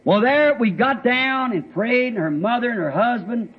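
A man's voice: extremely high pitch, expressive, normal speed, slightly rough. A man preaching a sermon, telling a testimony in a folksy, rambling way with plain rural grammar. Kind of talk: sermon storytelling. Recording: dull lo-fi old recording.

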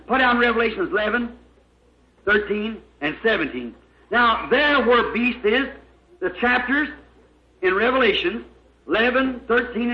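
A man preaching a sermon, fervent and emphatic, spelling out words letter by letter. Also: very high-pitched. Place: church. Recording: echoey, dull lo-fi old recording.

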